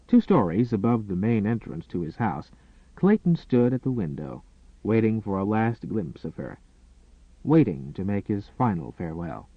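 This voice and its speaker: A man narrating a romance novel in a dramatic, expressive storytelling manner. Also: fairly low pitch, unhurried, breathy edge, no echo. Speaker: audiobook narrator. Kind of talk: scripted narration. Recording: tinny, phone-like and dry.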